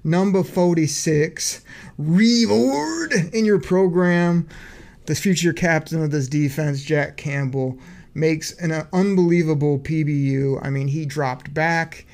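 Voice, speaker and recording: A man hosting a casual sports podcast, recapping game plays from his notes with excited play-by-play energy. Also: a little high, takes it slowly. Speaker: podcast host.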